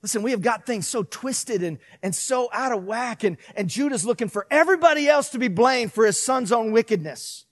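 Man, middle-aged, pastor, sermon, high voice, lively delivery. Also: fairly quick, few pauses, no room sound, clean studio sound. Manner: animated preacher, swinging from loud to hushed, acting out quotes.

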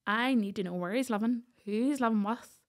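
A Northern Irish woman in her thirties, a podcast guest telling a personal story in an animated way and acting out the voices of the people in it. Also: fairly high pitch, a little fast. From Northern Ireland.

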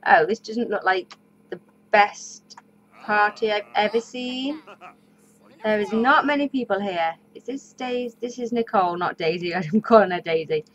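Hosting a let's play, this woman keeps up casual, chatty commentary and addresses the on-screen characters directly. She has a mid-range, fairly bright voice at a moderate pace, and the lo-fi recording sounds slightly dull with a little hiss or hum.

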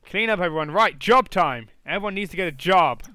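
A young man commentating a life-sim game, teasing his characters and bursting into yells and swearing. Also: sits high, a little fast. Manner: excitable, bursts into shouts, swears, teases the characters. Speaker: gaming YouTuber. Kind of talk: let's play commentary.

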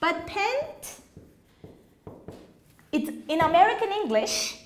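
In an echoey classroom with faint noise behind her, a woman teaches an English lesson, speaking slowly and patiently as she repeats words and questions her students. Her high voice rises and falls widely in big pitch swings.

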